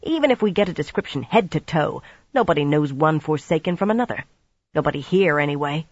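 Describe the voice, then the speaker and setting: Gruff, cursing woman, put on by an audiobook narrator; growled, slightly lo-fi. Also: medium pitch, lively intonation, fairly quick, no room sound. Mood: scornful. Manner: growling, curses through her teeth. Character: gruff deposed older woman leader, blunt. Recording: slightly dull lo-fi recording.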